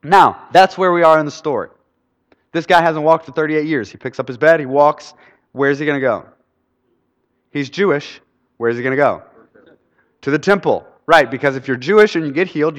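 Animated preacher in an echoing hall. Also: male voice, fairly high pitch. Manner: animated, keeps quizzing the audience. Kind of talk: sermon. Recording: reverberant hall.

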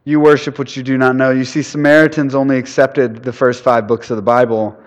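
A youth pastor preaches in a loose, conversational way, firing questions at the room and shifting between loud and hushed stretches. His voice sits at an ordinary middle pitch for a man. A long reverb trails every phrase, as if he stands in a big sanctuary. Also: little pitch movement, a little fast. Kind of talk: sermon. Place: church building.

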